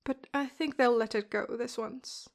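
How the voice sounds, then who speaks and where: A woman reading the lines of a cautious hospital nurse who speaks slowly, gently and carefully. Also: on the high side, fairly even intonation, vocal fry. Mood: gentle.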